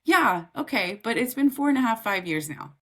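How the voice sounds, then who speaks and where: A woman with a fairly high voice speaks at a moderate pace as a podcast guest. She's an author and grief coach, and she tells her story candidly, emotionally and animatedly, often laughing as she talks.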